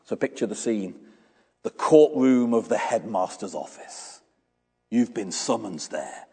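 A man preaching a sermon as pastor, animated and storytelling, acting out small dialogues with his congregation. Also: lowish voice, measured pace, slightly rough, long reverb tail.

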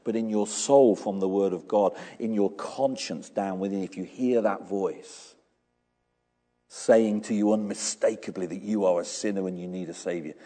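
A man's voice: lowish voice, normal speed. Preacher man in a reverberant church. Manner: animated storytelling, acting out little dialogues. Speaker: pastor. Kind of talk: sermon.

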